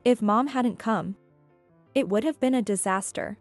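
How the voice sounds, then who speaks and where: A woman's voice: on the high side, unhurried, no room sound, faint music behind. A woman voicing an angry, blaming middle-aged husband who talks in a demanding, indignant way.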